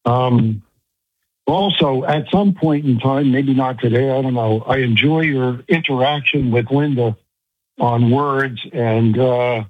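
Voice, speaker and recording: A man's voice: mid-range voice, slow, no echo. A man calling in to a radio show, agreeable and hesitant with many ums. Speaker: caller. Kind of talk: phone-in call. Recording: tinny phone line.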